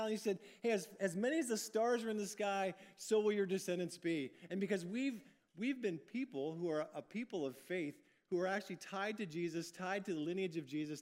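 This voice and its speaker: A man preaching a sermon in a folksy, upbeat way, often restarting his phrases. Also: a little high. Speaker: pastor.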